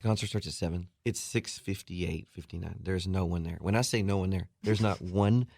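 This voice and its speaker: A man on a radio show telling an animated story, acting out other people's voices and laughing as he goes. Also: normal speed, gravelly, no echo. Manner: acts out voices with big jumps in pitch and laughs. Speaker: guest musician telling a story. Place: radio studio.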